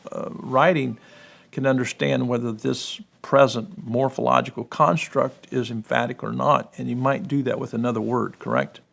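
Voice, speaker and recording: A man with a gravelly voice explaining Hebrew and Greek grammar in a discussion, full of "you know" and checking "correct?". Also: mid-range voice. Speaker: guest explaining biblical languages.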